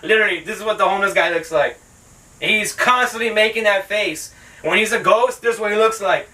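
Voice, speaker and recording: Sarcastic dude trashing a movie, cussing constantly, sharp bright tone. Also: male voice, sits high, brisk, distant mic, poor audio. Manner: sarcastic, heavy swearing. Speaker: film reviewer, channel host. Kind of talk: casual movie review rant.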